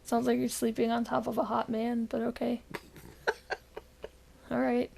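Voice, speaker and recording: Casting: woman podcast co-host, a little high-pitched with a gravelly fry, tired deadpan delivery, rambling with fillers. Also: a little slow, a little hiss or hum. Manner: rambling with frequent fillers and laughs. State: recovering from illness. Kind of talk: casual podcast chat.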